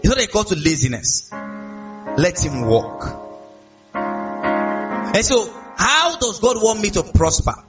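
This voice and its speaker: Animated Nigerian-accented male pastor. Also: high voice, slow pace, pauses often, recorded from a distance, muffled recording, over music. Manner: animated, call-and-response, acts out quotes. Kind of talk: sermon.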